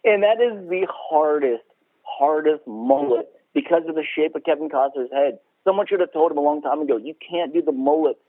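Man podcast host, casual chat, laughs a lot, swears, slightly high voice, thin phone-like sound. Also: lively intonation, moderate pace. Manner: swears freely, laughs often, acts out quotes.

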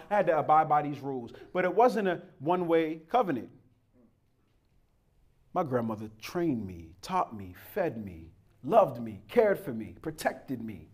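A man preaching a sermon in a fairly high-pitched voice. He moves between loud, emphatic exhortation and soft, low asides, and he addresses the congregation as "beloved." He also acts out a stern grandmother's scolding. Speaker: pastor.

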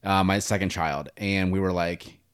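A man co-hosting a podcast in casual chat, blunt and profane, acting out quotes in high voices. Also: steady tone, moderate pace, clean tone. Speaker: podcast co-host.

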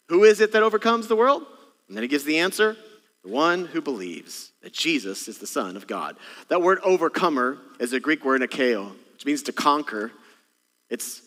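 A man's voice: medium pitch, pushed and bright. A male senior pastor giving a Christmas Eve sermon in a church, preaching with animation and acting out little parent and child exchanges. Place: church sanctuary. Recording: long church hall reverb.

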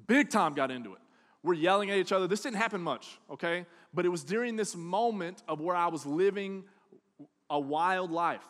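Animated high-voiced preacher in a hall. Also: male voice. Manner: animated, swings from hushed to loud, acts out quotes. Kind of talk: sermon with storytelling. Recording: long hall reverb.

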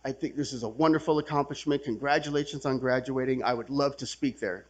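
A man's voice: medium pitch, steady tone, fast, muffled recording. Man with a Californian accent, telling a personal story at a workshop, loose and chatty, swears and laughs through it. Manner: conversational, swearing, acts out quotes with laughs. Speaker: workshop speaker sharing his recovery story. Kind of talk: casual storytelling talk. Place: workshop gathering room.

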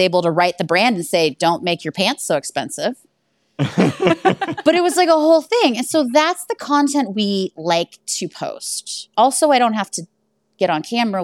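A woman's voice: lowish voice, lively intonation, a little fast, no room sound, studio quality. A woman who owns an escape room, telling stories animatedly in a casual interview and laughing along the way. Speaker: guest.

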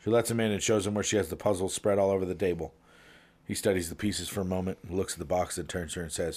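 A man casually telling long jokes as a podcast co-host, playful, jumping up in pitch for the characters in them. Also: steady tone, quick pace, darkish tone.

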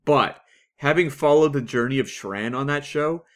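A Canadian man co-hosts a casual podcast chat. He talks eagerly and loosely, with lots of fillers and quick asides. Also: medium pitch. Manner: chatty, enthusiastic, many fillers. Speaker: podcast co-host.

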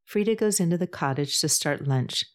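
A woman with a notably low voice narrates a novel. She keeps a measured, even storytelling pace and reads the characters' dialogue within the narration. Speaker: audiobook narrator. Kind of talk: scripted narration.

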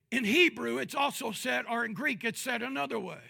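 A pastor delivering a sermon, moving between quiet, measured talk and loud, drawn-out shouts. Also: male voice, extremely high pitch, creaky. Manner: drawn-out, emphatic phrasing.

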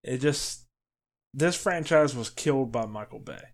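A man's voice: medium pitch, lively intonation, measured pace. A man co-hosting a casual movie podcast, blunt and opinionated. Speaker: podcast co-host. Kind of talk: casual chat.

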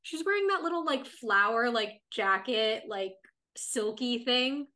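Bright-voiced woman recapping a TV episode. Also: a little high, expressive, a little slow. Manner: retells scenes at length, reading out characters' lines. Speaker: podcast co-host. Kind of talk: casual chat recapping a TV episode.

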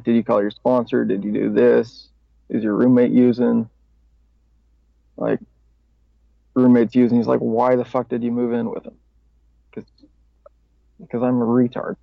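As a podcast guest, a man candidly tells his recovery story, rambling casually, swearing, and laughing at himself. His medium-pitched voice is gravelly, and the dry podcast audio sounds slightly dull.

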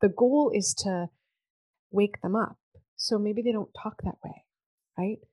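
A woman's voice: medium pitch, unhurried, dark tone, dry recording. A woman giving practical family advice in casual podcast chat, upbeat and coaching, acting out sample phrases.

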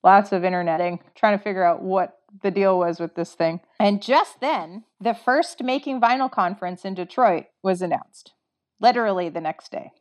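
A woman's voice: mid-range voice, normal speed. A woman from Canada, a guest in a casual interview, who tells a story in a chatty way, acts out her own past lines and says "like" often. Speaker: interview guest, record maker.

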